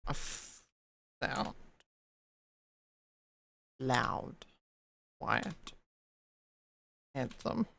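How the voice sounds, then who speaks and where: A streamer at a desk mic, naming single words one at a time with long gaps between them. The voice has a gravelly fry, and the pitch swings freely from word to word. Delivery stays unhurried throughout. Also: very animated, pushed and bright, slight background noise. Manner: slow, one-word guesses with long pauses. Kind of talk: live-stream gameplay, calling out single words.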